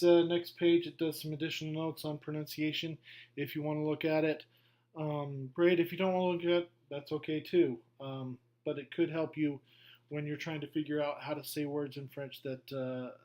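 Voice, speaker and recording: A middle-aged man teaching a beginner language lesson, going slowly through a worksheet, patient and repetitive with frequent okays. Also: on the high side, little pitch movement, darkish tone. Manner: slow, patient, repeats himself with many okays. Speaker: French teacher. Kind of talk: classroom lesson walkthrough.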